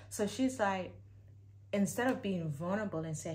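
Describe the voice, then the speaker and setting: A woman with a very low voice gives casual reaction commentary to her channel. She talks candidly and emphatically, with loud bursts that fall back into quiet asides. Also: unhurried. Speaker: YouTuber reacting to a clip.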